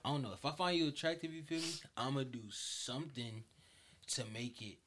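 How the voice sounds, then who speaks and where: A young man in casual chat, relaxed, often trailing off mid-thought. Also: mid-range voice, brisk, a little hiss or hum. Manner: relaxed, keeps saying "you feel me", trails off.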